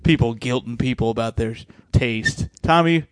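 A man's voice: medium pitch, normal speed, clear, resonant tone, no room sound. A man hosting a comedy podcast, bantering loosely, swearing and laughing, recorded in a studio. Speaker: podcast host. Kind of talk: casual comedy podcast chat.

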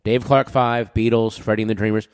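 A middle-aged man chatting casually, telling stories and acting out quotes, with a dry voice and frequent throat-clearing. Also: lowish voice, a little fast, in a large hall. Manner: animated storyteller, acts out quotes. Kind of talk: casual chat.

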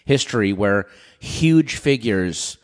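A middle-aged man chatting casually, telling stories and acting out quotes, with a dry voice and frequent throat-clearing. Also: lowish voice, takes it slowly, big-room sound. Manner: animated storyteller, acts out quotes. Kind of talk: casual chat.

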